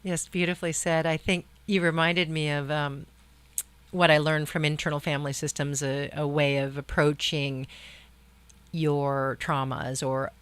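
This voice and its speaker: A woman guest, a medical doctor, talking reflectively in an interview and often rephrasing mid-sentence. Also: sits low. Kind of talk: conversational interview.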